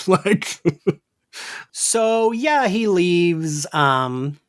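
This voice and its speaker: Lively-voiced man chatting on a podcast. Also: sits high, measured pace. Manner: chatty, acts out quoted lines. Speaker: podcast co-host. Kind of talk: casual chat.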